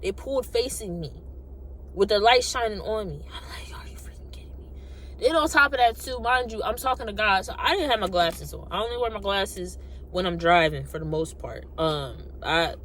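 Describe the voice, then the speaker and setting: A young adult woman casually telling a personal story, animated and colloquial, acting out what people said. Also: fairly low pitch, brisk, a little hiss or hum. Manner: animated, acts out quotes, colloquial. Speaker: vlogger.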